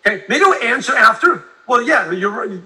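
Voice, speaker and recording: A man's voice: extremely high pitch, expressive, moderate pace, sharp tone. A man coaching a live online audience on sales closing, emphatic and repetitive, tagging points with "right?" and answering viewer comments as he goes. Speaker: sales trainer.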